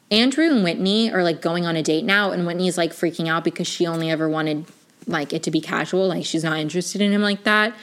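A woman's voice: lowish voice, moderate pace. Rambling young woman reviewing a show. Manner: rambling, many "like" fillers and restarts; gushing, emotionally invested. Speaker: TV review vlogger. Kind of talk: casual chatty review.

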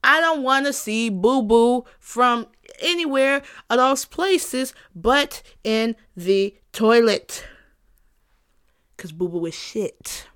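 A woman's voice: on the high side, animated, slow pace, a bit bright, clean tone. A woman hosting a casual solo podcast monologue, emphatic and repetitive, swearing freely and laughing often. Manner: emphatic and repetitive, with frequent profanity; playful, breaks into laughter. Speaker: podcast host.

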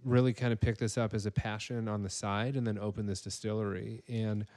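A man's voice: lowish voice, little pitch movement, fairly quick, darkish tone. Rambling male podcast host. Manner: rambling, filler-heavy. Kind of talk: casual chat.

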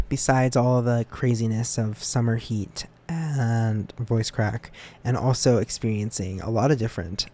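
A young man hosting a student podcast, talking casually on his own, rambling and joking at his own expense, with sudden upward leaps in pitch. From United States. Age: young adult. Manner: rambling and self-deprecating, with lively jumps in pitch. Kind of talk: casual solo podcast monologue.

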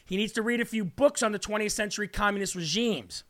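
A man hosting a political commentary show, talking combatively and emphatically straight to his viewers, and slowing down to repeat key points. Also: high-pitched, fairly bright tone.

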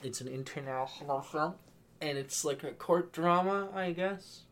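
A man's voice: fairly high pitch, unhurried, a bit bright, slight background noise. Laughing podcast guy, casual chatter. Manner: laughs often, trails into mumbles. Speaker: podcast co-host. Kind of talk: casual chat about movies and games.

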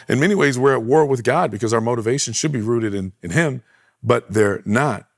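A man's voice: mid-range voice, no room sound, clean studio sound. A man preaching a sermon as pastor, earnest, asking rhetorical questions and repeating phrases.

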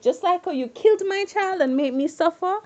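A woman voicing a cold, scheming father bent on revenge, speaking slowly in a low, menacing way. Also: big pitch swings, a little mellow, lo-fi sound.

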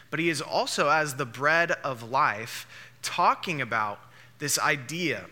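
Male pastor, emphatic sermon delivery, very bright tone, echoing hall. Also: a little high. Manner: emphatic, repeats key phrases for stress. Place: church hall. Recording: long hall reverb.

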